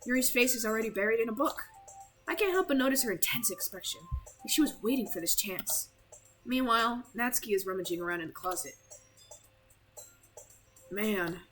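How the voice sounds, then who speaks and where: A woman's voice: on the high side, expressive, fairly quick, long pauses, fairly bright tone, faint music behind, low-quality recording. Woman doing a goofy teenage boy. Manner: shifting between several put-on voices. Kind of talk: visual novel read-along.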